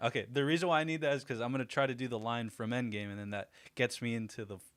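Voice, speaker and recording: A man's voice: mid-range voice, fairly even intonation, fast, a bit bright. A man hosting a casual livestream, chatty and self-deprecating, laughing often as he talks to his viewers. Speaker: livestream host.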